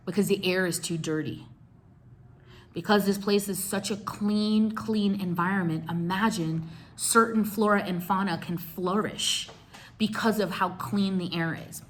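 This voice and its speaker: A young woman telling a travel story in a casual vlog, chatty and animated, full of slang and asides to her viewers. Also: mid-range voice. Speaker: travel vlogger.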